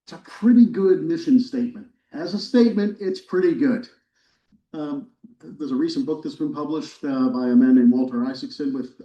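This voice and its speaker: A man, a history professor, giving a relaxed, wry lecture to a church audience, with casual fillers and restarts. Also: fairly high pitch. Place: church hall, recorded live. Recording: roomy, distant, dull lecture recording.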